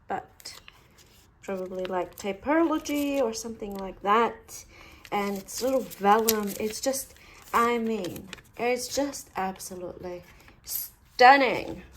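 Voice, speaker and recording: A woman's voice: mid-range voice, slight background noise. A woman chatting casually through a craft tutorial, talkative and playfully sarcastic.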